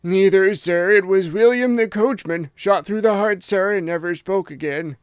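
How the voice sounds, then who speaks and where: A man's voice: sits high, moderate pace, smooth, dry recording, clean studio sound, pitched above the performer's own voice, lightly acted. A man voicing a flustered male butler who delivers bad news in an urgent, gasping way. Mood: breathless alarm.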